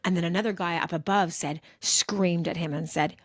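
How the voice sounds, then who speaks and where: A woman co-hosting a podcast, animated as she tells a story and acts out the people in it. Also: lowish voice, moderate pace, no echo, studio quality. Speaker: podcast co-host. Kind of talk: casual chat.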